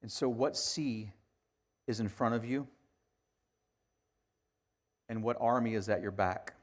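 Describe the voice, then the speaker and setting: This pastor takes his sermon slowly, his fairly low voice alternating between quiet, hushed passages and emphatic declarations, all in a conversational manner.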